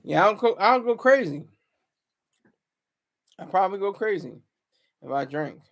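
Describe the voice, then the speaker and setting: High-voiced man rambling on a livestream. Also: animated, a little slow, creaky, fairly bright tone. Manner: rambling, chatty, reads out chat comments. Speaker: livestream host. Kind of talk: casual livestream chat.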